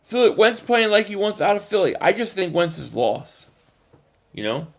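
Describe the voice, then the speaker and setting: A man hosts a casual live stream and reads chat comments aloud. His voice sits high and he talks in an animated, emphatic way. He often stumbles and restarts his sentences. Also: normal speed, gravelly.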